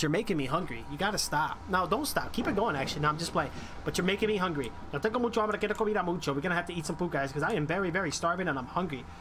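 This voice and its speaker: A man streaming a horror game live, reacting excitably and reading on-screen text aloud. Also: a little high, slight background noise. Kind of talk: live horror gameplay commentary. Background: game music.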